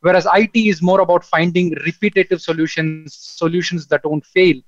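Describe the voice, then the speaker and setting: A man's voice: sits high, fairly even intonation, fairly quick, no room sound, highs cut off. A man speaking as a panel guest in a casual online discussion, hesitant and full of fillers.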